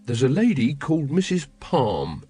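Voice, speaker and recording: A man's voice: medium pitch, very animated, moderate pace, dark tone, husky, no room sound. A man voicing a naive, eager young watch recruit who is earnest and puzzled. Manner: earnest, wide-eyed and puzzled.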